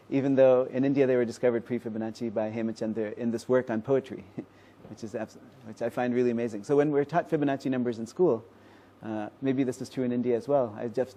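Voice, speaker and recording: A man's voice: mid-range voice, mellow, distant mic, rough recording. Man explaining math, heard from afar. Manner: explains step by step, checks in with "right?". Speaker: mathematician. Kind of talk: explanatory lecture and interview.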